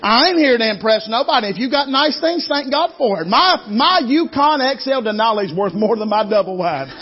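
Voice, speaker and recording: A man's voice: very high voice, expressive, normal speed, husky, dull audio. A man, preaching a sermon in a folksy storytelling way and calling out to the congregation. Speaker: guest preacher. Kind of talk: Southern revival sermon.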